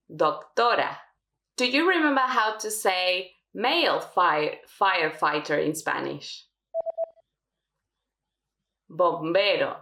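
Female teacher running a lesson drill; animated intonation, roomy sound. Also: fairly low pitch, noisy background. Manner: slow, careful modelling of words. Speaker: Spanish teacher.

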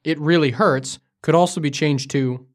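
A man's voice: fairly high pitch, normal speed. Man co-hosting a language lesson. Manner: curious learner asking for examples. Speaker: co-host. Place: studio in Beijing.

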